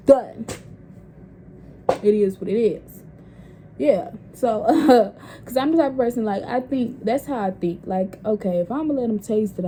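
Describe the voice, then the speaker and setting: A woman's voice: medium pitch, warm tone, slight background noise. A young woman telling a personal story in a casual vlog, candid and profane. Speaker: vlogger.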